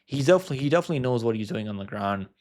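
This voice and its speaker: An MMA predictions host offers casual fight picks, rambling with lots of fillers and restarts. His medium-pitched voice is animated, very fast, and darkish in tone.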